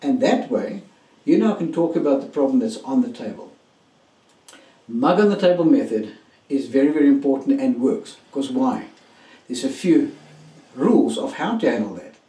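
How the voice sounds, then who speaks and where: Mellow-voiced man teaching in a roomy space. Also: medium pitch, expressive, moderate pace, pauses often, distant mic. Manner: emphatic, addresses listeners directly. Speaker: relationship coach. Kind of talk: motivational teaching talk. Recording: roomy echo, mic set back.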